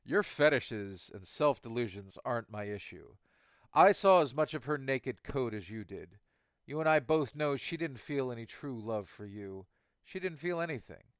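A man's voice: medium pitch, lively intonation, normal speed, no room sound, lightly acted. Give me a cold, dismissive hacker villain, as a male narrator reads him, lecturing with scorn. The voice sits close in a dry recording. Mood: contemptuous.

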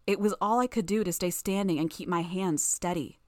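A woman narrating a first-person novel in a tense, steady reading. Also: lowish voice, fairly quick, dry recording, studio quality. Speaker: audiobook narrator.

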